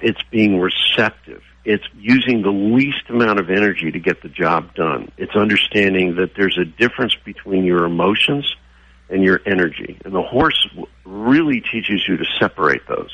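Casting: very low, husky male guest on a dry, dull radio line, lively storyteller. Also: moderate pace, no room sound. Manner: animated, acts out quoted voices. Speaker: guest, horse trainer. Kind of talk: storytelling interview answer.

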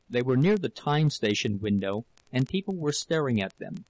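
A man narrating an audiobook of a novel in a measured, steady storytelling manner. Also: mid-range voice, low-quality recording.

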